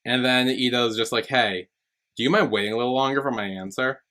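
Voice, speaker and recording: A man's voice: medium pitch, fairly even intonation, a little fast, sharp tone. A man co-hosting a podcast, casually retelling a TV episode and quoting the characters. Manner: retells scenes with quoted lines, many "like" and "um". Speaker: podcast co-host. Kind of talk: casual recap chat.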